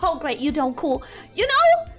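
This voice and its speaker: A woman's voice: sits high, measured pace, soft background music. A young woman streaming while she draws, chatting casually and rambling, often cutting herself off mid-sentence. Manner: rambling, self-interrupting, animated. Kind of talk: casual chat while drawing.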